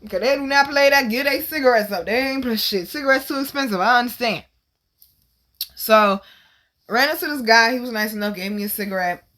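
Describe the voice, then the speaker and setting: A woman with tells a personal story in casual, profane monologue. Her voice is bright and sits a bit high, and she bursts into louder, higher exclamations as she gets worked up. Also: fairly quick. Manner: animated, profane, swings to loud exclaims. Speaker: host.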